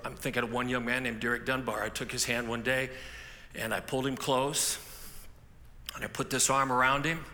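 A man's voice: medium pitch, sharp tone. A man preaching a sermon as a pastor, telling stories in a conversational way with frequent restarts. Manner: conversational storytelling with repeated restarts. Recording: echoey hall with faint ambience.

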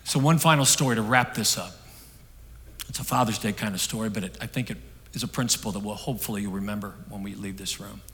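A middle-aged man preaching a sermon, telling a story that swings from hushed and soft to loud. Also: fairly low pitch, fast. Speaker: pastor. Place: church hall. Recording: long hall reverb.

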